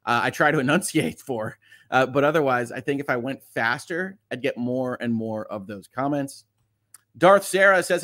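A middle-aged man, a lawyer hosting a casual livestream, reading viewer comments aloud and chatting about them quickly. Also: a little high, pushed and bright. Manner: fast-talking, chatty, reads comments aloud.

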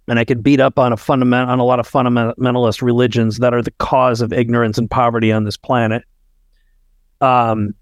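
A man's voice: mid-range voice, no echo. Earnest man telling a story, dry sound. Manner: earnest, heartfelt, tells stories with quoted dialogue. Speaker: podcast guest entrepreneur. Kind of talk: conversational storytelling.

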